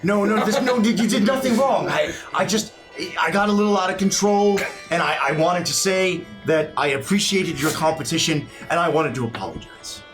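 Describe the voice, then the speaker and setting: A man role-playing his character at a tabletop game, earnest and stammering. His voice is fairly high. Faint music drifts under him. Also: animated, normal speed, few pauses. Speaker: player.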